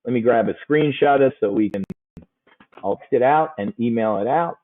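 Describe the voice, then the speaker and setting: A man's voice: medium pitch, normal speed. Joking man teaching trades, tinny sound. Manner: folksy, joking, emphatic repetition. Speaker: options trading instructor. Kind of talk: casual trading lesson.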